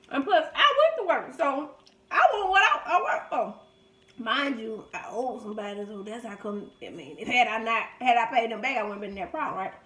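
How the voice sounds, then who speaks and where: A woman, animatedly retelling a story while eating. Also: high-pitched. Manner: animated, dramatic retelling with loud laughing outbursts. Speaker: mukbang vlogger. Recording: echoey room.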